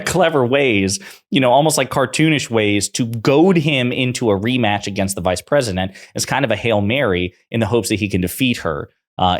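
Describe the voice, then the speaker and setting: A man, a political commentator, talking through his opinions in a conversational way with fillers and restarts. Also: fairly low pitch.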